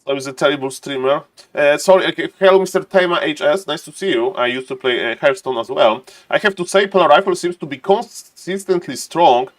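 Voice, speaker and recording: A man's voice: fairly high pitch, a little fast. Chatty streamer man greeting viewers. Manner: chatty, laughs often, greets viewers by name. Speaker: streamer and game caster. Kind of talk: casual livestream chat to viewers.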